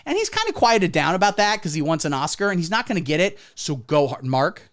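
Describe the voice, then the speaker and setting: A man hosting a comedy livestream, delivering a satirical monologue in the style of a mock pundit, with deadpan asides. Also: on the high side, brisk, hardly any pauses.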